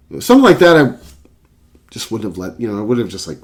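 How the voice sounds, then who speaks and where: A low-pitched man talks casually, his pitch swinging widely as he tells a story. He rambles with lots of fillers, in a loose, chatty vlog style about records. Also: very fast. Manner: rambling, filler-heavy, animated anecdote. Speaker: record collector and vlogger. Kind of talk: casual storytelling and album review.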